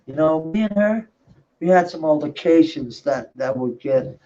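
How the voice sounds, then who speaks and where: A man's voice: a little high, animated, measured pace, warm tone. A man rambling through a profane personal monologue, swearing often and laughing between thoughts. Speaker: vlogger. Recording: dull lo-fi recording.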